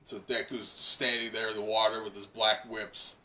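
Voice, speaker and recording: A man's voice: fairly low pitch, level tone, moderate pace, pushed and bright, recorded from a distance. A man hosting a casual live reaction to a comic, rambling with lots of fillers and chuckles. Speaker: manga reaction host.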